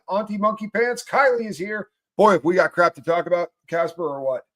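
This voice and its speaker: A man hosts a live morning show in a rather high voice, loose and joking as he reads out viewers' names. His talk is unscripted, quick to laugh and full of asides. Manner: loud, joking, reads chat names aloud. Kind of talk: casual live-stream chat.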